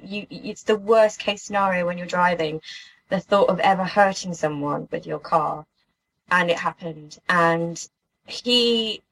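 Earnest, halting woman from the UK. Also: mid-range voice, a bit bright, rough recording. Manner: earnest, halting, many restarts. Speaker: guest telling a personal story. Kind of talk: emotional personal account.

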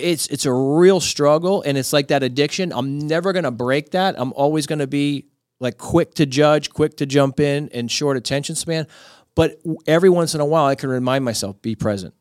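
A man who is a podcast guest, telling personal stories in a lively, casual way with frequent restarts. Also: on the high side, dry recording, clean studio sound. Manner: lively storyteller with many restarts. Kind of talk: casual storytelling.

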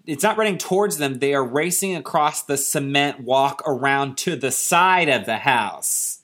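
A man's voice: medium pitch, measured pace. Man animatedly retelling a story. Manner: animated storyteller, laughs often. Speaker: podcast co-host. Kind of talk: casual retelling of a book.

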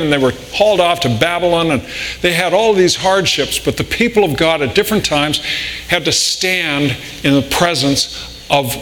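A man preaching a sermon in a slow, deliberate way, often repeating and restarting words. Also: on the high side, sharp tone. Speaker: pastor. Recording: long reverb in a large hall, faint room noise.

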